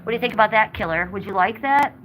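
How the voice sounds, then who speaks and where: A woman's voice: medium pitch, fast, fairly bright tone, a little hiss or hum, low-quality recording. An American woman hosting a casual livestream while walking through her house, chatting with viewers and cooing at her pets. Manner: chatty, talks baby talk to her pets. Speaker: livestream host. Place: house, indoors and on the porch.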